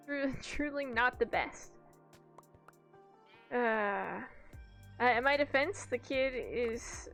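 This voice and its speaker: A young woman with a high, bright-sitting voice chats casually while gaming. She rambles through anecdotes, swears freely and laughs often. Quiet background music runs beneath her talk. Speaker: streamer. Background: faint background music.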